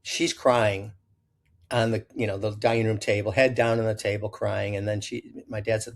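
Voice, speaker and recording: In a storytelling interview, an older man who works as a chef in Illinois recalls his childhood in meandering tales full of restarts and self-corrections. His voice runs on the low side at a normal speed, and he brings quoted voices to life animatedly.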